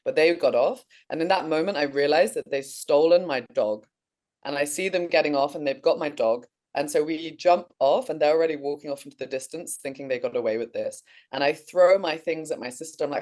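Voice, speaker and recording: A woman from England, co-host of a podcast, casually telling a long dream in an animated way, with swearing and laughter. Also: deep voice, fairly quick.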